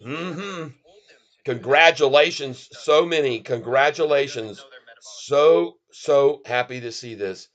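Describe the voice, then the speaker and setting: This middle-aged stock livestream host takes it slowly, though his live chart commentary is excited and full of exclamations aimed at viewers he calls "folks." His mid-range voice has a fairly bright tone, but the audio is dull.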